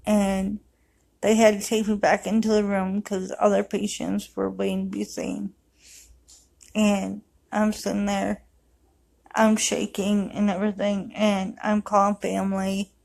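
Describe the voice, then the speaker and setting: A grieving mother telling a personal story to camera in a raw, emotional way, sometimes rushing her words. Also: medium pitch, gravelly, poor audio. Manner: raw, emotional retelling, rushed bursts.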